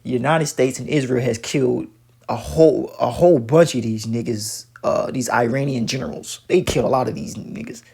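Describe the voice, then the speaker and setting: A man's voice: medium pitch, normal speed, vocal fry, a little mellow, slightly rough. A man giving profane, preachy religious commentary while reacting to a video, talking emphatically with many stammered restarts.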